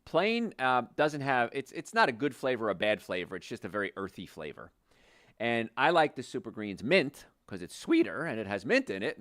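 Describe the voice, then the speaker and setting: A man's voice: medium pitch, fairly bright tone, no echo, clean studio sound. An older man, a chiropractor hosting a health show, explaining conversationally with restarts and stressed words. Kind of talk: health talk monologue.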